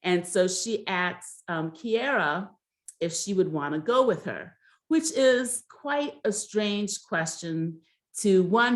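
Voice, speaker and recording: A young woman casually recapping a reality show episode, chatty and hesitant, with frequent ums and restarts. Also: fairly low pitch. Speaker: recap host.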